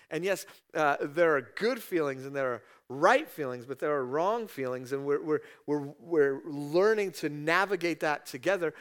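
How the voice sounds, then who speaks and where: A man preaching a conversational sermon, reading scripture and voicing prayers and God's replies with sudden raised, higher bursts. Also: expressive, moderate pace, hardly any pauses, a bit bright. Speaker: pastor.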